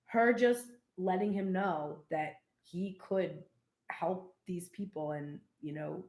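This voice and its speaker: A woman giving a casual live tarot reading, chatty and animated, with frequent laughs and cheeky asides. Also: lowish voice, echoey room. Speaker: tarot reader.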